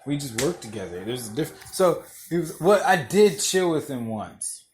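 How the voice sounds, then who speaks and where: A man's voice: a little high, sing-song, moderate pace, a little hiss or hum. A young adult man hosting a podcast, telling blunt, profane stories in a casual monologue and often laughing through them. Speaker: podcast host.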